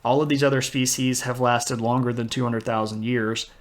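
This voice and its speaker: A man teaching history on a livestream in an easygoing, rambling way. He wanders off into little self-deprecating asides before steering back to the point. His voice sits at an ordinary middle pitch. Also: steady tone, moderate pace. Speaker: history streamer lecturing. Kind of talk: casual livestream lecture.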